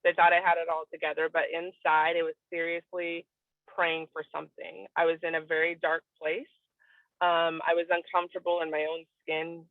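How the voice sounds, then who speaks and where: A woman's voice: fairly low pitch, completely flat delivery, moderate pace, no echo. A woman giving an earnest, emotional personal testimony on a video call, candid and at times tearing up. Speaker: guest sharing a testimonial. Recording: tinny, dry phone-line audio.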